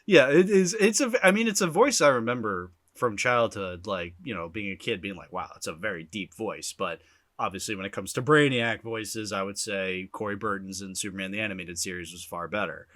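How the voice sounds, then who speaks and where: رجل يتحدث بحماس في بودكاست، صوت جاف. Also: male voice, fairly low pitch, no echo, studio quality. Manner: chatty, animated, quick to laugh. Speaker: podcast host. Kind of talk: casual chat.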